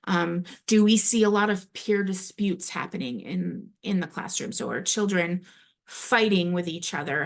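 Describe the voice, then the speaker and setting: Woman doing a training talk, kinda low voice, lots of ums and restarts. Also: creaky. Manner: hesitant, frequent ums and restarts. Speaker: early childhood classroom observation trainer. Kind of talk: recorded training presentation.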